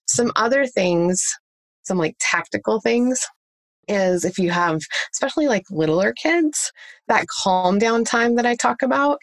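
A parenting coach answers interview questions conversationally, offering practical tips and walking through examples step by step. Her fairly high voice is expressive and unhurried, with no echo.

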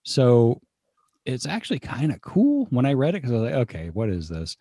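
A man co-hosts a casual podcast and reads an article aloud, adding relaxed asides. His mid-pitched voice sits close and dry on the mic. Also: a little fast, slightly rough, no room sound. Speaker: podcast co-host. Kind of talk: casual chat.

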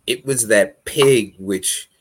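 A man chatting casually as a podcast host, animated and profane, laughing often and acting out quotes. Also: lowish voice, slow, background noise. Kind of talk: casual recap chat.

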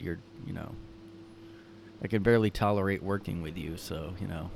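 A man with a fairly low voice rambles through his own solo podcast. He talks loosely, packs his sentences with fillers, and has a wry, sardonic edge. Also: normal speed, vocal fry, a little hiss or hum. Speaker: podcast host. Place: his room.

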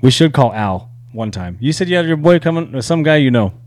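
A man's voice: mid-range voice, sing-song, brisk, darkish tone, no room sound. A young man co-hosting a podcast, joking and teasing his friend in casual sports chat. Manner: teasing, jokey, laughs often. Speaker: podcast co-host.

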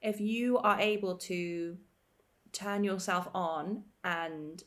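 A woman's voice: on the low side, fairly even intonation, takes it slowly. Earnest woman podcast co-host. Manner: earnest and encouraging. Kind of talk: frank casual podcast chat.

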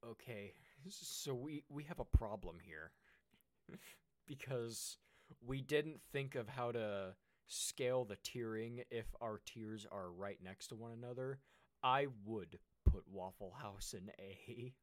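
A young man co-hosting a casual chat, telling a long story with many restarts and getting animated when excited. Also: medium pitch, takes it slowly, dry recording, studio quality. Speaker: co-host.

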